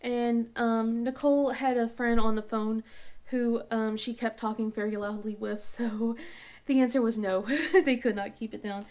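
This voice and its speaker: Casting note: congested woman host, rambling chat, slightly high voice, many fillers. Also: steady tone, normal speed, darkish tone. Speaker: craft channel host. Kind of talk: casual chat while crafting.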